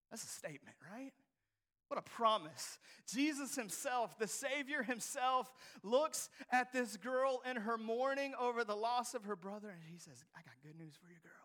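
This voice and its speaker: A man preaching a sermon to a congregation, dropping to whispers and rising to shouts. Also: high-pitched. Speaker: pastor. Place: church hall before a congregation.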